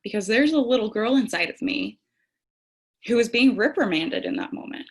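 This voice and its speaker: A young woman with a fairly high, husky voice and lively intonation talks at a moderate pace. Her candid, conversational reflections on tarot and self-care to camera are punctuated by the occasional laugh at herself.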